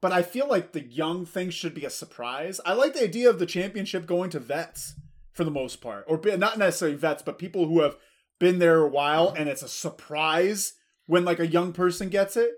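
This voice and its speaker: A man co-hosts a laid-back podcast, trading jokes and easygoing opinions. His voice sits a little higher than most men's. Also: expressive, brisk. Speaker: podcast co-host. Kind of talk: casual chat.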